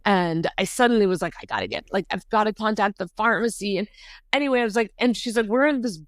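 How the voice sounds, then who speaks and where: A middle-aged woman, a podcast guest, telling a story in a casual, animated way, often saying "like" and jumping high when she acts out quotes. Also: fast, dry recording, clean studio sound. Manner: animated, says "like" often, jumps to high pitch acting out quotes.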